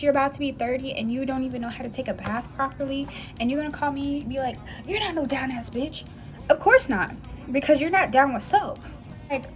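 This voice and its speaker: Young woman vlogger, slightly high voice, blunt and profane storytime rant, faint music underneath. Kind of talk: casual storytime vlog. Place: dim room at home.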